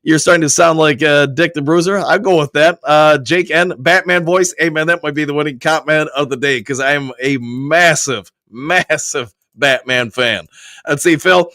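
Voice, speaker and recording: A man hosting a live sports talk stream. He is hoarse from a cold and reads viewer comments aloud, answering each one in a casual way. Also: on the high side, steady tone, fairly quick, few pauses, fairly bright tone, no echo, clean studio sound. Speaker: sports show host reading chat.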